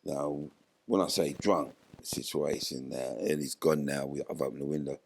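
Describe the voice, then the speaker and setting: An older man, a former footballer appearing as an interview guest, animatedly retells a story and acts out the quoted dialogue. He has a creaky, slightly rough bass voice and speaks at normal speed.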